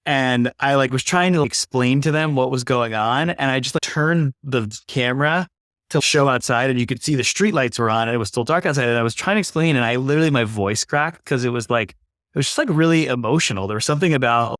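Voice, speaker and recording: A man's voice: mid-range voice, brisk, a bit bright, no room sound. Earnest man in his thirties, dry sound. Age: 30s. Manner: earnest, reflective, uses "like" often. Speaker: podcast guest, climate investor. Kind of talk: casual conversation.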